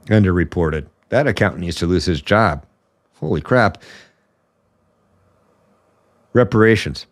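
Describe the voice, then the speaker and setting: A male podcast host talks in a fairly low voice. He rants bluntly and sarcastically through his political commentary, sounding openly indignant. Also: lively intonation, moderate pace, no room sound.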